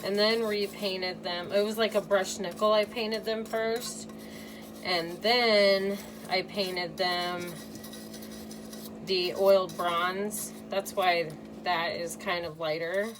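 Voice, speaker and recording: A DIY crafter from the American Midwest, with a Midwestern accent, casually narrates a restoration project while talking directly to her viewers. Her mid-range voice is steady and slow. The mic sits at a distance and picks up room noise.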